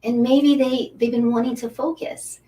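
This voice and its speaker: A woman's voice: on the high side, level tone. Gushing middle-aged woman, slightly distant mic. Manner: soft, breathy at times, drops to whispers during breathing guidance; gushing, repeats words, halting restarts. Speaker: angel card reader hosting a live stream. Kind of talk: live-stream talk with guided breathing. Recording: slightly distant mic with faint background hiss.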